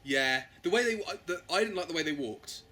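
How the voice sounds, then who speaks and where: A man's voice: on the high side, expressive, a little fast, noisy background. A man in a casual fan review chat, chatty and jokey, co-hosting a podcast. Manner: chatty, jokey, breaks into mock voices. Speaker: podcast co-host.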